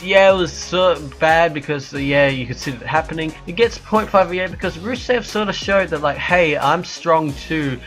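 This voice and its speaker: A man's voice: on the high side, fairly bright tone, faint music behind. A young man casually reviewing wrestling matches on his own show, rambling and joking, often correcting himself mid-sentence. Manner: rambling, quick, jokey with self-corrections. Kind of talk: casual solo review chat.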